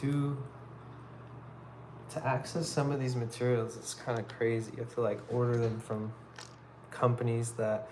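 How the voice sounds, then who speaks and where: A man chatting casually on a live stream while he builds art pieces, rambling in a relaxed way with lots of fillers. He talks into a phone in an indoor workspace. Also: medium pitch, normal speed, pauses often, slight background noise. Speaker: livestreaming artist.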